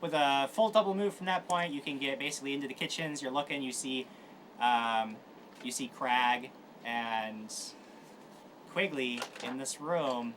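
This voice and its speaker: A man running a tabletop game as game master, describing the scene quickly with many fillers. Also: mid-range voice, a bit bright. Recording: noisy live stream.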